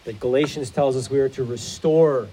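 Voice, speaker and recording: A man's voice: medium pitch, normal speed, dark tone, a little hiss or hum, rough recording. A man preaching a sermon as pastor, in an earnest, explanatory manner.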